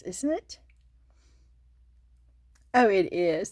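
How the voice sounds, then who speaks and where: An older Southern woman chats through a craft unboxing, giggling and calling her viewers y'all. She talks at an unhurried, drawn-out pace. The sound is close and dry, with no room around it. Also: medium pitch, lively intonation, darkish tone, dry recording. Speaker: craft channel host. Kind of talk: casual unboxing chat.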